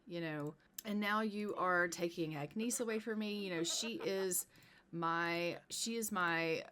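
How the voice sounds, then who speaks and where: A woman's voice: on the low side, slow pace, a bit bright. A woman voicing a bitter, jealous rival man. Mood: aggrieved. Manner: indignant, accusing, restarts words.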